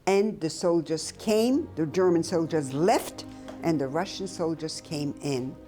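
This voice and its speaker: An older woman recounting her own memories in a slow, halting, reflective way with pauses. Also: low-pitched, mellow, faint music behind. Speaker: Holocaust survivor giving testimony. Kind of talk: personal testimony, recounted memories.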